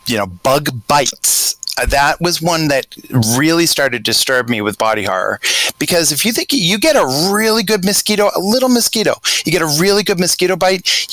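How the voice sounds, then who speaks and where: Man, Boston accent, casual podcast chat, rambling and hesitant, crisp bright tone, dry close sound. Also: fairly high pitch, no echo, low-quality recording. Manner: rambling, hesitant, grows animated telling a scenario. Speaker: podcast panelist.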